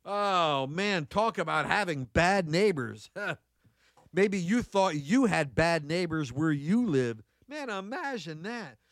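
A man's voice: high-pitched, a bit bright, dry recording. A man preaching a sermon, reading Bible verses and breaking into folksy, conversational asides with exclamations, repeating key phrases for emphasis.

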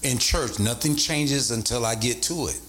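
A man's voice: normal speed, slight background noise. A man preaching a sermon as bishop, repeating points and rising into sing-song emphasis. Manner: animated, swoops from low to high pitch, sing-song emphasis.

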